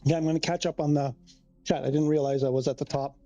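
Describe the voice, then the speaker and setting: A man's voice: a little high, fairly even intonation, fast talker, warm tone, faint music behind. A man hosting a casual live stream, rambling, restarting his sentences and reading chat messages aloud. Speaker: livestreamer.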